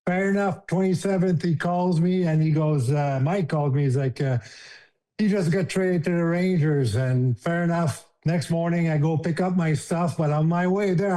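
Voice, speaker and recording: A man's voice: a little high, moderate pace, dark tone. A man in his fifties with a French accent, a guest on a podcast. He tells stories in a loose, emotional way, laughing often and acting out what others said. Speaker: guest, former hockey player. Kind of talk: casual storytelling.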